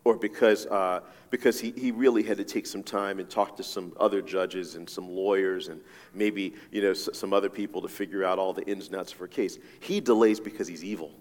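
A man's voice: low-pitched, steady tone, a little fast. A man preaching a sermon as a pastor, talking conversationally with frequent asides and repeated "right?" checks to his listeners. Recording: long reverb of a large hall.

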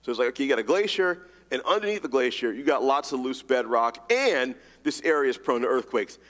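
A man's voice: medium pitch, long reverb tail. A man preaching a sermon, emphatic and casual, reading scripture and telling a story. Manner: animated, rapid-fire emphatic delivery, casual slang.

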